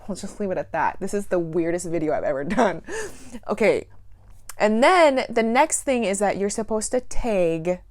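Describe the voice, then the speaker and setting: A woman's voice: mid-range voice, darkish tone, no room sound. A woman chatting casually in a plant vlog, giggling often and rambling through self-deprecating asides. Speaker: plant YouTuber.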